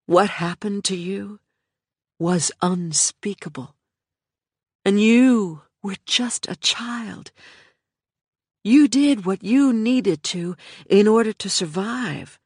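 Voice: medium pitch, slow, long pauses, breathy edge, no room sound, clean studio sound, pitched above the performer's own voice. Narrator voicing a firm, caring woman. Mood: gentle. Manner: firm, reassuring. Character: caring, blunt woman comforting a friend.

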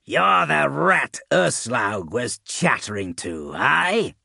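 A man's voice: mid-range voice, very animated, slow pace, creaky, sharp tone, breathy edge, dry recording, studio quality, pitched above the performer's own voice, full character voice. A man voicing a brutal, tentacled male plague warrior who snarls with scorn. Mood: mocking.

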